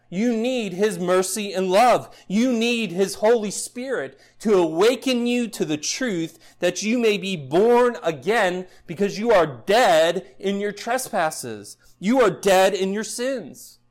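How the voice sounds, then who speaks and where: A man preaching a sermon in an earnest style, building up loud passages and then dropping low and quiet. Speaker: pastor.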